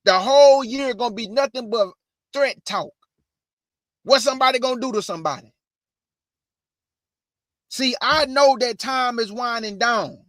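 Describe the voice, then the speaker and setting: Guy preaching prophecy, kinda high voice, answers his own questions, dry close sound. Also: a little slow, pauses often, a bit bright, no echo. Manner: preachy, calls audience family, answers imagined questions. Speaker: online preacher, show host. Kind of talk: street-style sermon on prophecy.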